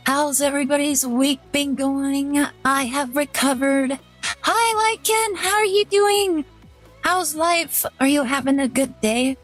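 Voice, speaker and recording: A young woman hosting a live stream, chatting to her viewers in a loose, rambling way and leaning on "like" constantly. Her voice sits high. Soft music plays faintly behind her. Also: slow. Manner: rambling, chatty, heavy use of "like". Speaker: VTuber streamer. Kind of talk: casual live-stream chat.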